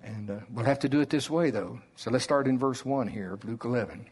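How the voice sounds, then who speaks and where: A man preaching a sermon in a slow Oklahoma drawl, deliberate and conversational. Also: medium pitch, a little mellow, breathy edge.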